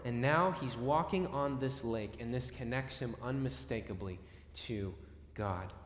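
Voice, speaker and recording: A man preaching a sermon, telling the story dramatically with sudden swings between loud and soft. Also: medium pitch, unhurried. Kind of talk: expository sermon. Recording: echoey hall with long reverb.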